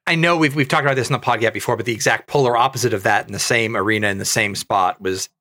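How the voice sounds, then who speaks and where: Bright-voiced man chiming in. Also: lowish voice, rapid-fire. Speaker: podcast co-host. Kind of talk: casual chat.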